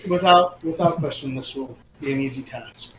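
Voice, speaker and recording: A man's voice: medium pitch, normal speed. Male player in an echoey room. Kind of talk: casual tabletop play. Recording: echoey room, faint noise.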